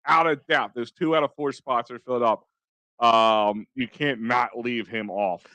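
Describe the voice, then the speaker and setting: A man's voice: mid-range voice, steady tone, measured pace, sharp tone, no room sound. A man co-hosting a casual sports podcast, talking emphatically with many fillers. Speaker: podcast co-host.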